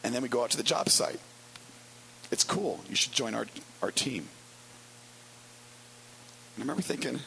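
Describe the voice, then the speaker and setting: A man preaching a conversational sermon as pastor, wry and storytelling with quick asides. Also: mid-range voice, big pitch swings, creaky, a bit bright, a little hiss or hum, poor audio.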